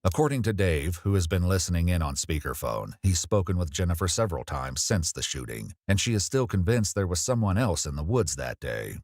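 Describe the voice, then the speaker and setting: A man giving measured, scripted documentary narration. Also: low-pitched, sing-song, a little mellow.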